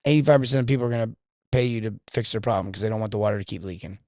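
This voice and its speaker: Fast-talking man from California. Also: on the low side, a little mellow, no room sound, studio quality. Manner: storytelling that acts out both sides of conversations. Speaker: sales coach, podcast guest. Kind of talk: casual podcast conversation.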